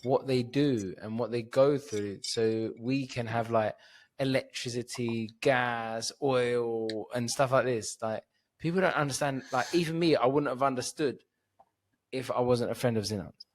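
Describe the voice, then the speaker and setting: A man's voice: mid-range voice, measured pace. Drunk sleepy guy rambling on a podcast, swearing, loose and chatty. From Cyprus. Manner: rambling, tipsy, swears freely. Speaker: comedian guest. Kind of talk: casual podcast chat.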